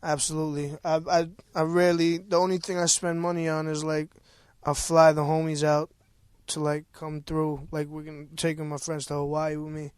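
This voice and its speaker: A middle-aged man with a New York accent chats on a podcast in a relaxed, profane way, telling stories. His voice sits a little high, and the room is dry and close. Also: normal speed, hardly any pauses, clear, resonant tone, dry recording. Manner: profane, laid-back storytelling. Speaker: guest rapper. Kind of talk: casual podcast chat.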